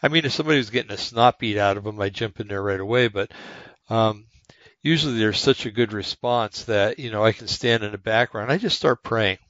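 Rambling low-voiced man in his sixties. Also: a little fast, a bit bright, dry recording. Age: 60s. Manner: rambling, many fillers and restarts. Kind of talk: casual monologue. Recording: dull lo-fi dry sound.

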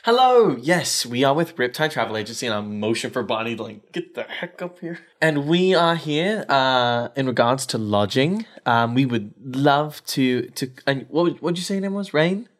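A man's voice: mid-range voice, expressive, moderate pace, hardly any pauses. A man playing a tabletop role-playing game, speaking in character with a showy, ostentatious manner. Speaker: player.

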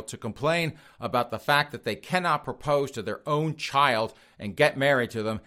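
A man's voice: medium pitch, a bit bright. A man hosting a solo commentary podcast who reads news items aloud and riffs on them sarcastically, chuckling often. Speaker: podcast host.

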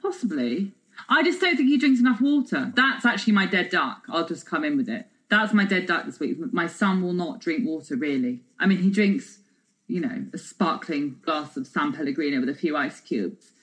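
A woman's voice: lowish voice, animated, moderate pace, fairly bright tone. A woman co-hosting a podcast, a mother chatting casually in a teasing, wry way. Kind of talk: casual chat.

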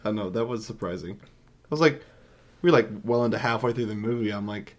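A young man co-hosting a casual movie review podcast, laid-back and quick to laugh and agree. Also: fairly low pitch. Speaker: podcast co-host.

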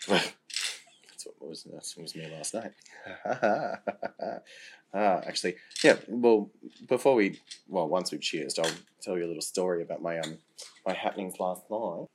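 A man's voice: low-pitched, measured pace, slight background noise. A young man cohosting a casual podcast chat, camp and playful, laughing often as he talks. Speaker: podcast co-host.

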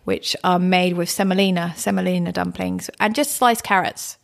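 Chatty woman with a gravelly edge. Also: fairly low pitch, fairly even intonation, moderate pace. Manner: chatty, warm storytelling with laughs. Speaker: guest, cook. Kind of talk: casual interview chat.

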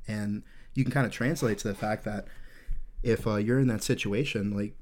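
A man's voice: fairly low pitch, fairly even intonation, normal speed, a little mellow, slight background noise. A man in his thirties hosting a podcast, telling a rambling, candid war story full of swearing. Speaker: podcast host.

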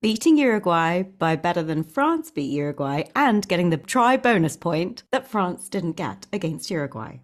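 A woman's voice: fairly low pitch, sing-song, normal speed, few pauses. Chatty woman co-hosting a podcast. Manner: chatty, laughs easily. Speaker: podcast co-host. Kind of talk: casual sports podcast chat.

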